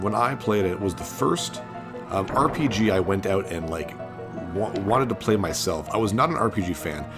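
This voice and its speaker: Let's-play host, male, low-ish voice, very animated and excitable. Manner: excited, chatty, laughs often. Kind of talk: gameplay commentary. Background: game music.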